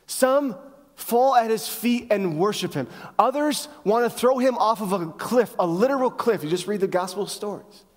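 High-voiced man preaching in a reverberant hall. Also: animated. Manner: rhetorical questions, emphatic preaching with pauses. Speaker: pastor. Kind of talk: sermon. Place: church sanctuary.

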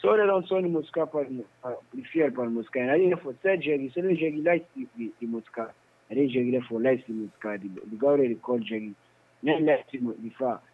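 A man's voice: mid-range voice, slightly rough. Man with a Sierra Leonean Krio accent on a tinny phone line. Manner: halting, repetitive storytelling. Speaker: interviewee. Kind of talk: phone interview testimony.

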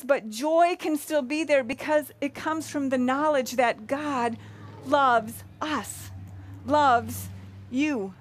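A woman pastor preaching a sermon in an earnest, measured way, asking rhetorical questions. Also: sits high, no echo. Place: church sanctuary.

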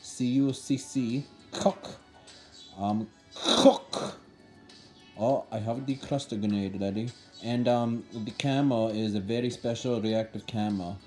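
A man's voice: medium pitch, fairly even intonation, slow pace, a little mellow, faint music behind, close to an everyday voice. Brief: goofy gamer voice in an exaggerated Indian accent, put on by a man, loose and cursing. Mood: playful. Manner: loose, jokey, sometimes cursing. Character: young man faking a heavy accent while gaming. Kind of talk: gameplay commentary.

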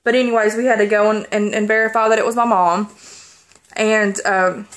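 Tearful woman telling a story haltingly. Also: medium pitch, fairly even intonation, fairly bright tone. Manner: halting, rambling, many pauses and restarts. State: holding back tears. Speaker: vlogger. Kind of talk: personal story to camera.

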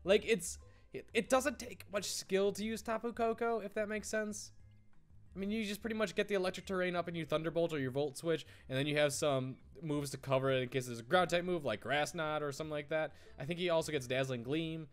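A man giving casual, excitable let's-play commentary, rambling with frequent stammered restarts. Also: a little high, fairly quick, clear, resonant tone, faint music behind. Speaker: gaming YouTuber.

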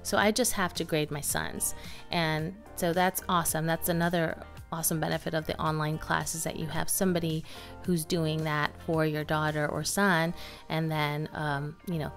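A woman co-hosting a casual curriculum review, talking in a chatty, lively way with frequent fillers. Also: deep voice, normal speed, soft background music. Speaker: homeschooling mom and channel co-host.

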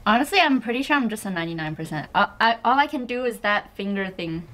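A woman's voice: mid-range voice, lively intonation, quick pace, fairly bright tone, a little hiss or hum. A young woman joining a casual vlog, teasing and playful. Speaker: co-host, sister. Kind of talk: casual chat.

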